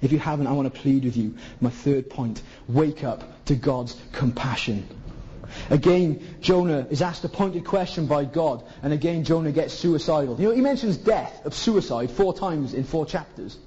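A man from Zimbabwe delivers an impassioned sermon and presses his listeners with question after question. His voice sits a little high but sounds warm and soft-edged. The recording is muffled and lo-fi. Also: moderate pace. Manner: impassioned, pleading rhetorical questions. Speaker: preacher. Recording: dull lo-fi recording.

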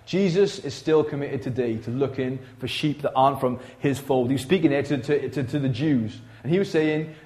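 A man preaching in a church, talking to the congregation in a casual, conversational way. His delivery is animated, and his voice rises loud and then drops to near hush. His pitch sits in a plain middle range for a man. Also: normal speed, few pauses. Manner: conversational, animated preaching with big swings in loudness. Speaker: pastor. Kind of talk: sermon.

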